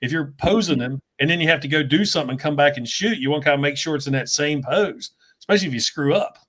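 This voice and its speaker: A man's voice: fairly high pitch, quick pace. A man hosting a casual chat with a fellow creator, talking freely and laughing often. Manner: chatty, laughs often, animated when telling stories. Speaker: show host interviewing a fellow creator.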